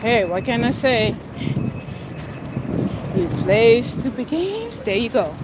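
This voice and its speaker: A young woman chats on a casual livestream in a high voice. She talks slowly and bluntly, with plenty of sass. Clear outdoor noise runs behind her. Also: big pitch swings. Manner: blunt, sassy storytelling. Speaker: vlogger.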